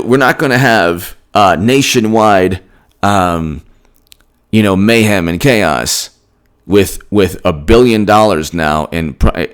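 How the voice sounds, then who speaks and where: Deep-voiced guy doing a political vlog rant, lots of restarts. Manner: emphatic, rambling with frequent restarts. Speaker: political commentator. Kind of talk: solo political commentary vlog.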